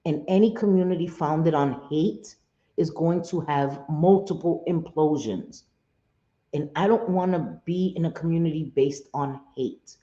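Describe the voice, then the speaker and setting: A woman's voice: low-pitched, a little slow, warm tone. A woman hosting a live stream, talking casually to her chat in a blunt, profane way and repeating herself for emphasis. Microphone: home streaming setup. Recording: roomy, slightly dull sound.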